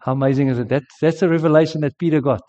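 A man's voice: fairly high pitch, fairly even intonation, rapid-fire, dark tone. A middle-aged man preaching a sermon, telling a personal testimony earnestly. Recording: dull lo-fi sound with long hall reverb.

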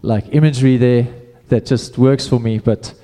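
Casual preacher in a reverberant hall. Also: male voice, mid-range voice, fairly even intonation, moderate pace, warm tone. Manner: casual, conversational preaching with repeated restarts. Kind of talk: sermon.

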